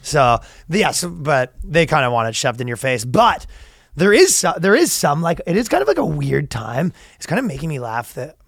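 A man's voice: a little high, big pitch swings, moderate pace, vocal fry, a bit bright, dry recording, studio quality. A man co-hosting a casual comedy podcast, rambling with many restarts and frequent laughs. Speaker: podcast co-host.

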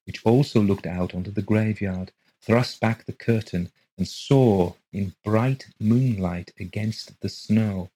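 Man, ghost story narrator, husky, low-pitched, steady measured reading. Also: poor audio. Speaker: podcast narrator.

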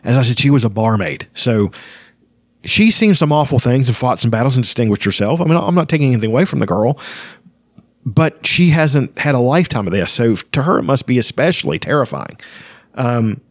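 A man's voice: medium pitch, animated, fairly quick, no echo, studio quality. A man hosting a casual book talk, rambling with frequent restarts. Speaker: podcast host discussing a fantasy novel. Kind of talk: casual chat and reading aloud.

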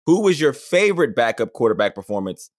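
Thirties male co-host, casual sports banter, mid-range voice, animated. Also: medium pitch. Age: 30s. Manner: animated, laughs often, quick asides. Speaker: podcast co-host.

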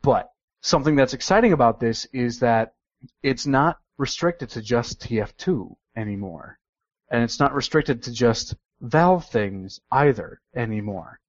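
A man's voice: medium pitch, animated, measured pace, no room sound, highs cut off. A man co-hosting a gaming podcast, chatty and rambling, with frequent fillers. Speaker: podcast co-host. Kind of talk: casual chat.

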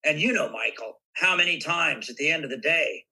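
A man telling animated stories in a casual interview, acting out bits of dialogue as he goes. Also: on the high side, fairly quick, slightly rough, poor audio. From United States. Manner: animated raconteur, acts out voices in anecdotes. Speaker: guest actor. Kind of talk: casual interview chat, storytelling.

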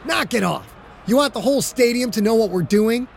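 A hot-headed young quarterback snaps short, fierce commands at his teammates, as a male narrator puts him on. His voice sits a little higher than the narrator's own and comes out in clipped bursts, as a character in an audiobook. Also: animated, a little slow, a little hiss or hum. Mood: curt. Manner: barking curt orders.

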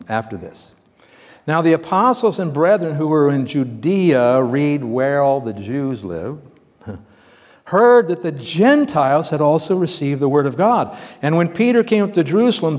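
A man preaching a sermon, teaching through scripture in a conversational way, asking his listeners questions and swinging between loud emphatic bursts and quiet asides. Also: on the high side. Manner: conversational, asks the congregation questions. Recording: long reverb of a large hall.

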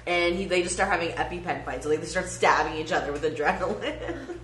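A woman's voice: lowish voice, animated, fast, a bit bright. A woman co-hosting a casual podcast chat who giggles often and quotes catchphrases. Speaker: podcast co-host. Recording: roomy echo, faint ambient hiss.

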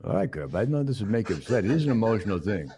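A man playing a middle-aged tough-guy movie star who rambles in halting, mumbled restarts on a comedy show. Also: on the low side, big pitch swings, dark tone. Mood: rambling. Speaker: comedy sketch host. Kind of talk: improvised comedy impression.

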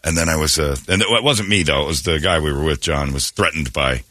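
A morning radio host with a rumbling low voice talks a little fast, animatedly telling a story, laughing and doing voices when he quotes people. The studio recording has no room sound.

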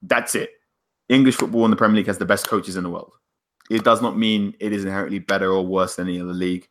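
A man co-hosting a casual football podcast, animated and quick to argue, laughing often. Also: low voice. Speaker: podcast co-host. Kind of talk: casual chat.

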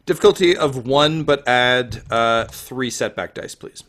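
A man narrating a tabletop game as game master, lively and animated. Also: medium pitch, a little slow. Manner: lively, animated, loose with fillers.

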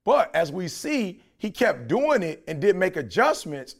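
A man's voice: high-pitched, sing-song, measured pace. A middle-aged man from Detroit, a podcast co-host talking in a passionate, preachy way. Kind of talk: casual podcast chat.

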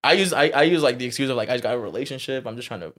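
A man's voice: medium pitch, lively intonation, very fast, a bit bright, slight background noise. A man co-hosting a casual podcast, rambling, repeating his words and joking around. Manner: rambling, repeats himself, jokey. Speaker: podcast co-host. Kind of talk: casual chat.

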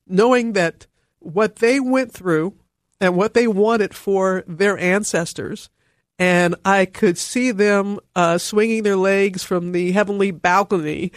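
A middle-aged woman, a guest in a heartfelt conversation, telling her story in an emphatic, animated way. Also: mid-range voice, takes it slowly, no echo, studio quality.

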